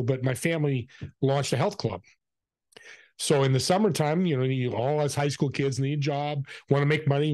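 A man who is a podcast guest, telling an anecdote in an animated way and acting out the people in it. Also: mid-range voice, no echo. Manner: animated, acts out the people in his stories. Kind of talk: anecdotal storytelling.

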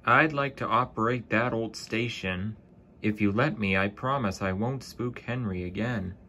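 A man's voice: lowish voice, a little slow, bright, forceful tone, a little hiss or hum. A man voicing a grumpy old railway fogman who speaks in a scolding tone.

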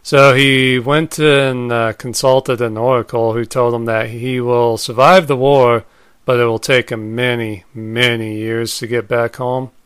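A man casually retelling old myths as a podcast host, laid-back, with frequent "uh" pauses and the odd swear word. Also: mid-range voice, level tone, a bit bright, clean tone, no echo, studio quality.

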